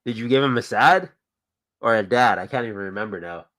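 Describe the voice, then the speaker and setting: A man's voice: fairly low pitch, brisk, fairly bright tone. A man hosting a casual show, chatting about toys and films in an easygoing, rambling way. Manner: easygoing, rambling, thinks aloud. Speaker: podcast host.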